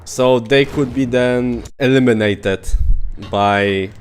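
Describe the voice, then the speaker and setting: A man's voice: medium pitch, slow pace, noisy background. A man from Poland with a Polish accent, a native Polish speaker, chatting casually while streaming a game, rambling with many fillers. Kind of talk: casual gaming stream chat.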